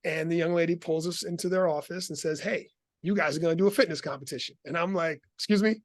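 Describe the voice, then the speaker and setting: A middle-aged man as an interview guest, telling his story in an animated, laughing way. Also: fairly high pitch, quick pace, dry recording.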